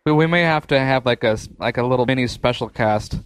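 A man's voice: medium pitch, fast talker, clear, resonant tone, no echo. A man co-hosting a podcast, joking playfully in casual chat. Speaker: podcast co-host.

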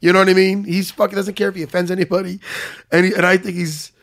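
A man with a high-sitting voice talks fast while hosting a casual chat. He's animated, rambles, swears a lot, and often breaks into laughter mid-sentence.

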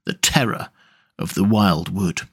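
A man's voice: low-pitched, a little slow, a bit bright, breathy edge. Man reading a children's story aloud.

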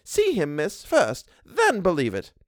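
A man voicing an older, simple, tender-hearted female housekeeper in a storybook reading, with a high, soft, emotional voice that often slows down. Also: wildly swooping pitch, no room sound, studio quality, full character voice. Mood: indignant. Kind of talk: audiobook reading of a classic story.

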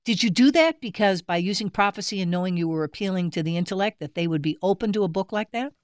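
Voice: mid-range voice, fast talker, clear, resonant tone, no echo, studio quality. A radio show host asking long, leading questions and praising the guest's work. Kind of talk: interview.

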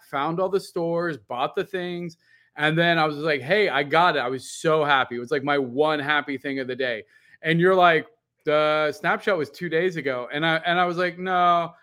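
Male podcast co-host with a slightly raised voice, rambling and animated, swears casually. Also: a little high. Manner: animated, rambling storyteller with lots of "like". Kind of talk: casual chat.

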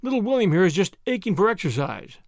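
A man's voice: sits high, very animated, fast talker, dry recording, clean studio sound. A man doing a drawling cocky lad. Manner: drawling, confident. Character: brash young American man, eager and cocky.

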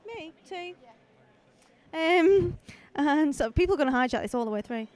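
Chatty high-voiced woman podcast host. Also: lively intonation, moderate pace, a little mellow. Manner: chatty, rambling, friendly asides. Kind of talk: casual live walkabout podcast. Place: outdoor festival stalls. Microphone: handheld microphone.

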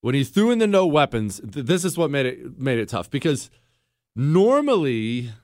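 A male talk show host with a lively, swinging delivery, tossing off sarcastic jokes and teasing his producer. His voice is dry and close, recorded on a studio microphone with no room around it. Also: mid-range voice, normal speed, no room sound. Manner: sarcastic, joking banter with producer. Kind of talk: talk radio monologue.

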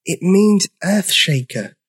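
A man voicing a huge, gentle male dinosaur who speaks in a tiny, shy, soft voice in a storybook reading. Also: high-pitched, expressive, takes it slowly, breathy edge, pitched above the performer's own voice, full character voice. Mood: timid. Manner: soft and timid, pleading. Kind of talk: storybook character voice.

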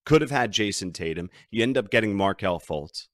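This sports betting podcast host, a man with a lowish, expressive voice, talks briskly as he rants emphatically about his team's struggles. There's no echo, just clean studio sound.

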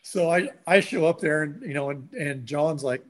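Guy telling a story, kinda high voice, animated, does everyone's lines. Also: brisk, hardly any pauses. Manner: animated, acts out quotes of others. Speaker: guest. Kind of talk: casual storytelling.

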